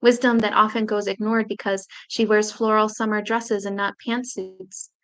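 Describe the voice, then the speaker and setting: A woman poet reading her own memoir poems aloud in a slow, measured, grave way with long pauses. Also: mid-range voice, level tone, a bit bright.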